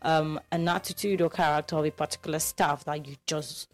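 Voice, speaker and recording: A woman co-hosting a radio show in a low-pitched voice. She talks in a lively, animated way with quick banter. Soft music plays faintly behind her. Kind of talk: casual radio chat.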